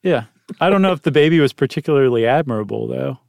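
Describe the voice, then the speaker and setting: A man's voice: mid-range voice, lively intonation, fast, gravelly, darkish tone. A man co-hosting a podcast, chatting casually in a joking, rambling way. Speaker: podcast co-host. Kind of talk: casual chat.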